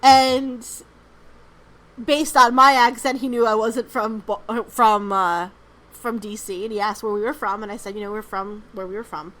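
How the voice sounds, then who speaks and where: In a rough recording, a podcast co-host rambles through stories in easygoing conversation, saying "um" and "like" constantly and cursing freely. She speaks at a moderate pace in a fairly bright voice on the high side, with fairly even intonation.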